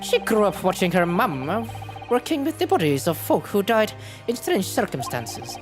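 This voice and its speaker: A woman's voice: medium pitch, sing-song, moderate pace, music in the background, lightly acted. A woman voicing a curt, grudging Scottish man with a put-on Scottish accent, reading his game lines in a clipped, grumbling way. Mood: gruff. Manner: clipped, grumbling dialect delivery.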